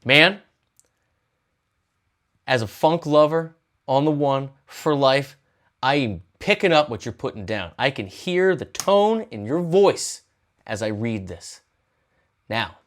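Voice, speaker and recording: An impassioned man addresses his viewers directly from his music channel. His pitch leaps and dips expressively, and he pushes some lines out loudly before dropping others almost to a murmur. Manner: emphatic, earnest, swings from loud bursts to hushed lines. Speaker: music YouTuber. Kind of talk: impassioned talk to camera.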